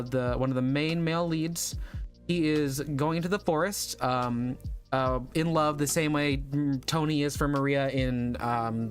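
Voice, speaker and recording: A man streaming casually, thinking aloud and rambling as he works. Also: medium pitch. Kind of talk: casual livestream chat.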